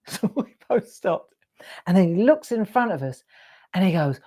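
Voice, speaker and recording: A woman's voice: on the low side, expressive, moderate pace, dark tone, breathy edge. An English woman hosting a live crafting show, telling rambling anecdotes and laughing often. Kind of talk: chatty storytelling while crafting.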